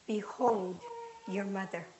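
A woman voicing a calm, resolute male prophet in a scripture reading, speaking quietly and steadily. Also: mid-range voice, a little hiss or hum, voice pushed down, close to an everyday voice. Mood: solemn. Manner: quiet, measured speech.

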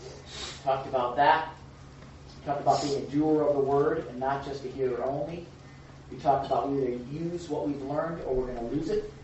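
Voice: medium pitch, fairly even intonation, moderate pace, dark tone. A Bible study leader speaking to a group in a very echoey church room, heard from a distance through a dull recording with faint hiss. The teaching is casual and conversational, filled with rhetorical questions. Now and then the speaker acts out little scenes with a raised voice.

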